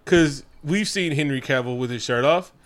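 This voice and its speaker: A man co-hosting a casual movie recap chat, animated and profane, acting out characters' lines. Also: mid-range voice, moderate pace. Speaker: podcast co-host.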